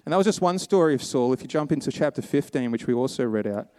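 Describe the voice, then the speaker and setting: Male pastor, casual sermon storyteller, mid pitch, dry close sound. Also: animated, fast, warm tone, no echo. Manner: casual storytelling, acts out characters' quotes. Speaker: preacher.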